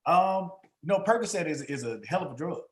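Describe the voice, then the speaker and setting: A man in his forties, a guest singer, chatting in a casual interview in an animated, jokey way. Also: high voice, fairly quick. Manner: animated, jokey, repeats "you know what I'm saying". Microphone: video call.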